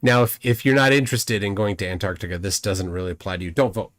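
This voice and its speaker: A man's voice: fairly low pitch, quick pace, a bit bright, slight background noise. A man hosting a livestream, rambling through commentary and reading chat comments aloud, often repeating words as he goes. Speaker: livestream host.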